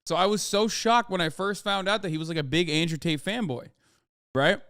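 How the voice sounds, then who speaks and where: A man's voice: high voice, fairly quick, a bit bright, smooth, dry recording, studio quality. A swearing man hosting a livestream. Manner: profane, blunt and heated. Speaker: livestream host. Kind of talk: casual livestream commentary.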